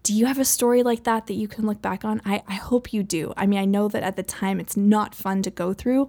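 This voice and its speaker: A woman's voice: medium pitch, a little mellow. A woman in her thirties telling a personal faith story to listeners, earnest and emotional, with frequent laughs and filler words like "like" and "you know.". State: near tears. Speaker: speaker sharing a faith story.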